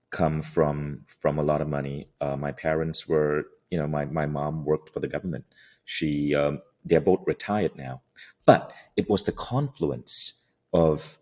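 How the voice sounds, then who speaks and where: A middle-aged man from Malaysia answers interview questions in a very deep, calm voice. He speaks slowly and soothingly, like a meditation teacher. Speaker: guest. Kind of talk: interview conversation.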